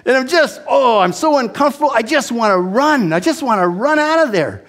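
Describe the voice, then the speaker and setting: A man in his sixties telling a personal testimony as an animated, self-deprecating storyteller with frequent restarts. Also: very high voice, a little fast, hardly any pauses. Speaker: speaker giving a testimony.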